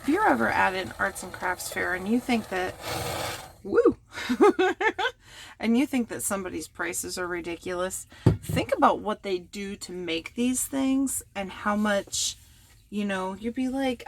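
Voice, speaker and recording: A woman chatting casually and teasing herself while she crafts at home, going quiet when the work gets delicate. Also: mid-range voice, lively intonation, a little slow, vocal fry, a little hiss or hum. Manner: chatty and self-mocking, drops to a hush while working. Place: home workspace.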